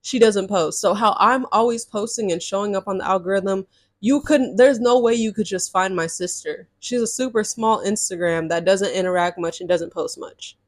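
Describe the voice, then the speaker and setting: A woman's voice: mid-range voice, normal speed, dry recording. Young woman in a dry, close storytime. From California. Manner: chatty, exasperated, slangy storytelling. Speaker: storytime vlogger. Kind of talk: casual storytime.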